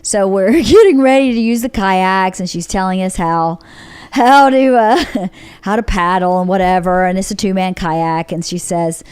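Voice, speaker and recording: A woman's voice: medium pitch, normal speed, clear, resonant tone, dry recording. A woman hosting a podcast in casual chat, telling stories animatedly, acting out what people said and swearing freely. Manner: animated storyteller who acts out dialogue. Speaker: podcast host.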